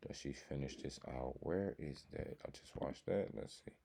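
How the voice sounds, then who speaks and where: A man's voice: rumbling low, moderate pace, gravelly, warm tone, breathy edge. A man reacting to a video with casual commentary, blunt and profane in his opinions. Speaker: reaction streamer.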